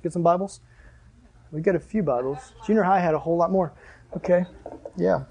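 A young man preaching to a youth group, telling a story with lively acted-out exclamations and then reading scripture. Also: high voice, fairly quick, slight background noise. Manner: animated storyteller, acts out dialogue with loud exclamations. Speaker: youth pastor.

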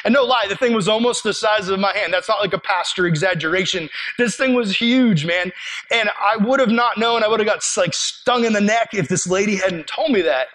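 A man preaching a sermon as a pastor, telling a story in an earnest, conversational way and dropping quiet for emphasis. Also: high voice, moderate pace, low-quality recording.

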